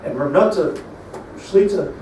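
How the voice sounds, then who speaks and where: A middle-aged rabbi with a fairly high voice preaches a storytelling sermon, dropping Hebrew terms into his English and building to emphatic peaks. He sounds set back from the mic in a roomy, echoing space, with a faint hum of ambience behind him. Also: measured pace, warm tone. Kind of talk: sermon on lamentations. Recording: echoey room, mic at a distance, faint ambience.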